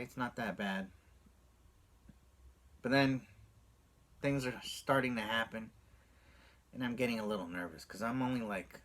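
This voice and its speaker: Guy vlogging a story from when he was a kid, mid pitch, gets real animated acting out the quotes. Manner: animated, acts out quotes with big pitch jumps. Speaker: toy and movie vlogger. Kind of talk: casual storytelling to camera.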